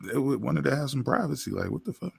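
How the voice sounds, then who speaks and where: A man's voice: mid-range voice, animated, fast, vocal fry, darkish tone, husky. A man chatting casually on a live stream, telling stories in a laid-back, profane way. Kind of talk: casual chat.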